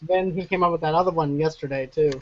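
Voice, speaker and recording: A man's voice: a little high, fairly even intonation, quick pace, highs cut off. A man co-hosting a movie podcast in casual chat, laid-back and telling funny stories. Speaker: podcast co-host.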